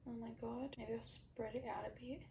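A woman's voice: a little high, fairly even intonation, moderate pace, creaky, mellow, roomy sound, slight background noise. A young woman, vlogging casually at home, nervous and swearing as she talks. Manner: anxious, exclaiming, swearing. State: sweating, nervous. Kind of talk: casual vlog talk. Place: at home, in a room.

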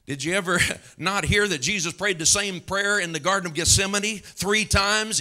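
A man's voice: high voice, normal speed, bright, forceful tone. A male pastor preaching a fervent sermon in church, calling out hallelujahs and laughing between points.

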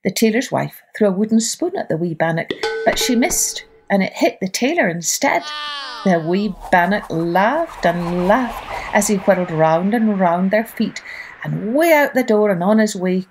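A woman hosting a children's storytelling podcast, reading a folk tale aloud in a lively, expressive way. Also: mid-range voice, measured pace, over music.

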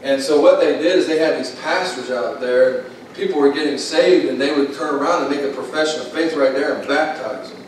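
A high-pitched man preaching with fervent, repeating cadences and a folksy, plain-spoken manner. He is picked up from far off in a very echoey church sanctuary, with a faint hiss behind him. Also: a little fast. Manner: impassioned, repetitive preaching cadence. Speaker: pastor. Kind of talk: sermon.

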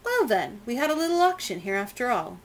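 A woman's voice: a little high, sing-song, fairly quick, slight background noise, voice pushed up. A woman reading a smug colonial trader.

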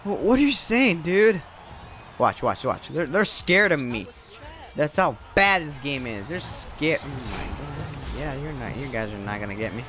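Excitable young man with lively pitch. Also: measured pace. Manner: excitable, yelps and laughs, repeats words. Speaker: gaming channel host. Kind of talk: excited gameplay commentary. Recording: faint game music behind.

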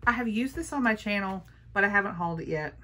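A woman vlogger chatting casually through a makeup haul, gushing and playful, sometimes dropping to a hush. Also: mid-range voice, expressive, fast talker, noisy background. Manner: gushing, playful, talks to her palettes.

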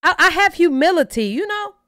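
A woman hosting a reaction channel, giving blunt, profane, animated opinions in casual commentary. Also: very high voice, fairly quick, no echo, clean studio sound.

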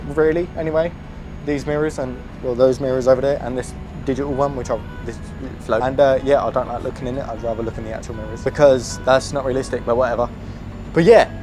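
A young man with a British accent chatting casually over his driving game, excitable and prone to yelps and swearing. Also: on the high side. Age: young adult. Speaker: gaming YouTuber. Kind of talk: casual gameplay commentary.

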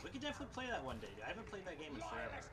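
Lively joking gamer man. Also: fairly high pitch, very fast, a crowd in the background. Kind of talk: casual gaming banter.

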